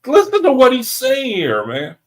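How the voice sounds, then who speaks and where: A man leading a Bible study group, reading scripture aloud and commenting on it in an excitable way, often laughing and calling the group brethren. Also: extremely high pitch, normal speed, poor audio.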